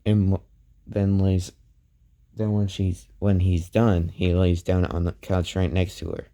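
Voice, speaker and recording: A man retells a fan story in a slow, unhurried way, stopping and restarting as he goes. His voice sits low and sounds very dark and mellow. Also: level tone. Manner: halting, many restarts and "goes like".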